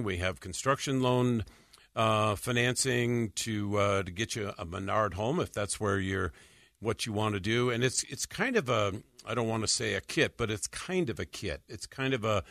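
A man hosting a radio talk show about mortgages, reading listener questions aloud and answering in a halting way, with many fillers and frequent chuckles. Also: on the low side, fairly bright tone, dry recording, clean studio sound. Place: radio studio.

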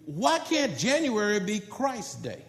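A man preaching a sermon, swinging from loud calls to low asides. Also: wildly swooping pitch, slow, reverberant, slight background noise. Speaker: pastor.

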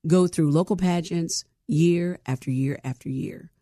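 A woman's voice: on the low side, a little slow, dark tone, no room sound. Playful woman interviewer, dry sound. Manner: playful, jokes and laughs often. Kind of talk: talk-show interview.

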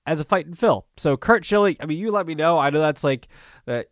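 A man's voice: on the high side, animated, fairly quick, dry recording, clean studio sound. A man hosting a solo sports podcast, talking loosely and conversationally, with plenty of fillers and restarts. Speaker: podcast host. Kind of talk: casual solo sports talk.

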